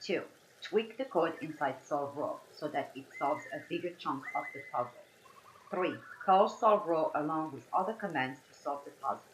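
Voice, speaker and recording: The audio is poor, with a little hiss or hum, as a young French woman with a low voice and French accent talks at a moderate pace. She's casually live streaming a coding puzzle, chatting, apologizing, and walking through each step.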